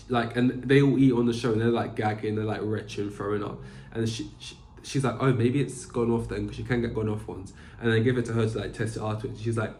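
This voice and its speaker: In an echoey room, a young man with a medium-pitched, darkish voice hosts his own podcast, rambling casually and often using fillers and restarting.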